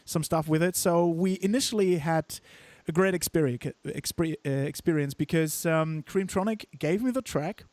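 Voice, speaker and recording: A man from Germany hosts a live stream in a relaxed, chatty way, his voice sitting a little high. He laughs a lot and trips over his words as he goes. The sound is dry and close, with no room in it. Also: normal speed, dry recording. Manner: laughs often, stumbles and restarts. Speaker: host. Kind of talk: casual live-stream chat.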